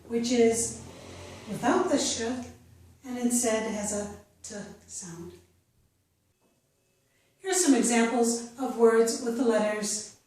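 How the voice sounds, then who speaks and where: A woman teaching English pronunciation, spelling out letters and repeating each word slowly and carefully. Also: a little high, darkish tone. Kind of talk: slow, careful pronunciation lesson. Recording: very echoey room, voice from a distance.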